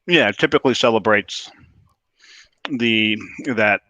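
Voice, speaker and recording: A man co-hosting a casual beer show, teasing dryly in relaxed banter. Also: on the low side, a little slow, no room sound. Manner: dry, wry teasing. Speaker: co-host.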